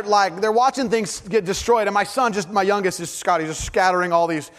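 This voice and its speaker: A man in his thirties preaches with an earnest, fairly high voice. He drops to a hush for the heavy moments and turns animated when he tells a story. The sound rings with the long reverb of a large hall. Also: brisk. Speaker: pastor. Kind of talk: sermon.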